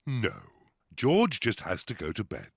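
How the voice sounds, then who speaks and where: An actor playing a good-natured father pig in a cartoon, calm and patient. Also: on the low side, a little slow, vocal fry, husky, dry recording, studio quality, exaggerated voice. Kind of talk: cartoon voice acting.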